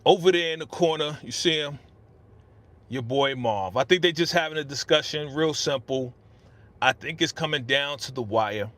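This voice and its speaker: A man's voice: fairly high pitch, normal speed, a bit bright. A man hosting a casual live stream, talking in a chatty, slangy way and reading viewer comments aloud into a studio microphone. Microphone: podcast studio microphone.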